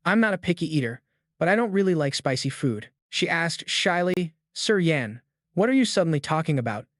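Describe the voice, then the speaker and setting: A man reads a story recap aloud in a steady, even manner, giving every character the same tone. His voice sits a little high for a man. The recording is dry and close, with no room sound. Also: no echo. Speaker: narrator. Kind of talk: scripted story recap narration.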